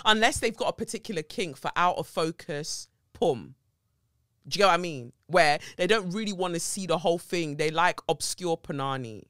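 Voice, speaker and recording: A woman hosting a solo podcast, chatting in an animated, cheeky and profane way, with big jumps in pitch. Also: moderate pace, dry recording, clean studio sound. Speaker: podcast host. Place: podcast recording setup with a camera.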